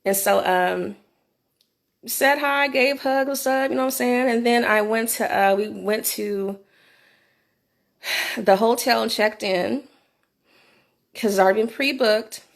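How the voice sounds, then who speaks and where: A middle-aged woman telling a candid personal story into her phone for a vlog, animated and swearing freely. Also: a little high, measured pace, gravelly, pauses often. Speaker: vlogger.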